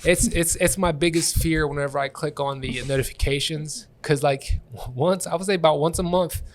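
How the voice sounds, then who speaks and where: A man hosting a comedy podcast, telling rambling, animated stories and laughing often. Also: fairly high pitch, moderate pace. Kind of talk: casual comedic storytelling. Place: Columbus comedy scene.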